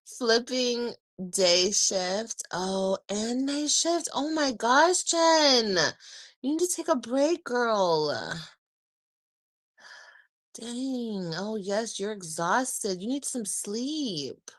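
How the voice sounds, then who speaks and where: A tired woman in her thirties chats to her livestream viewers, sighing often and dragging her words out slowly. The recording is close and dry, with no room sound. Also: a little high, animated, dry recording. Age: 30s. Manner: weary, sighing, drawn-out talk. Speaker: livestreaming vlogger. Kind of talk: casual livestream chat.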